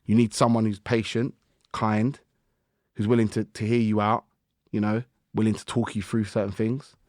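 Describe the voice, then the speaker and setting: A man, a guest musician on a podcast, telling stories in lively slang and acting out his own inner voice. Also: on the low side, moderate pace, dry recording, studio quality. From United Kingdom. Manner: animated storytelling with slang and acted-out self-talk. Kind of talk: casual podcast conversation.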